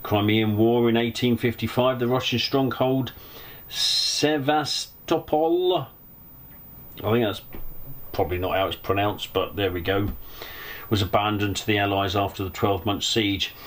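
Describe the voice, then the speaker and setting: A man's voice: lowish voice, fairly even intonation, normal speed. A middle-aged man casually reading an on-this-day list on his channel, breaking off into chatty asides and self-corrections. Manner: chatty, reads then adds personal asides and self-corrections. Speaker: vlogger hosting a Q&A.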